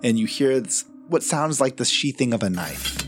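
A man running a tabletop horror game as game master, telling the story in a dramatic, measured way. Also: medium pitch, lively intonation, noisy background.

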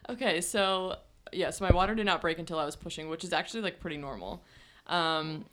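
Young woman chatting, lowish voice, lots of likes and laughs. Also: a little fast, a bit bright. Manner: chatty, frequent "like" fillers, laughs often. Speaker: podcast co-host. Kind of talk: casual storytelling chat.

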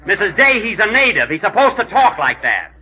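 A man hosting and starring in a 1930s radio comedy sketch, with indignant, deadpan comic timing. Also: sits high, fairly quick, dull audio. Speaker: comedian host. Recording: scratchy 1930s radio broadcast.

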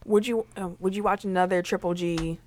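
A woman's voice: on the low side, steady tone, a little fast, darkish tone, a little hiss or hum. A woman hosting a casual sports chat, leading the topics and asking the others questions. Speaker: podcast host.

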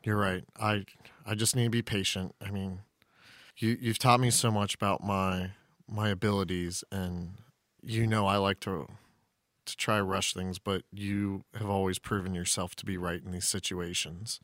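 A man's voice: deep voice, little pitch movement, moderate pace, fairly bright tone, dry recording, studio quality. A man playing an anxious thirteen-year-old boy sorcerer, speaking earnestly and hesitantly. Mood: worried.

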